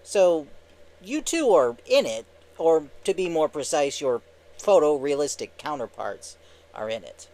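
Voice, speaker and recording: A man hosting a movie review channel, narrating the review in an upbeat, lively, scripted way. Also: on the high side, measured pace.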